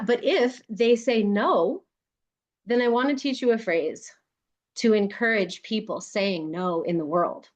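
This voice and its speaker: A woman's voice: mid-range voice, dull audio. Woman coaching a group through an exercise. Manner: warm, coaching, laughs often. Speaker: workshop leader. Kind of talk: guided exercise talk.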